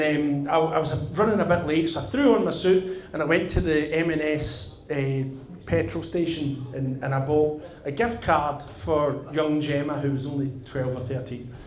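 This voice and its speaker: Northern Irish male stand-up, middle-aged, cheeky and sweary, slightly high voice, echoey live room. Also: a little hiss or hum. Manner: animated, swearing, tags lines with "right?". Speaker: stand-up comedian. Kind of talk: stand-up storytelling. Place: theatre stage. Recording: echoey live venue with audience.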